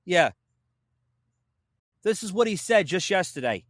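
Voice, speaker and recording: A podcast host with a high-pitched voice and big pitch swings speaks a little slowly, slightly winded. He rants at his listeners with heated sarcasm and swearing, in dry, studio-quality sound.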